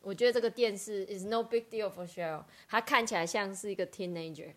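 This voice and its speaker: A woman's voice: mid-range voice, brisk. A woman co-hosting a children's story podcast, chatty and laughing easily. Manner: chatty, switching between two languages, laughing. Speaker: podcast co-host.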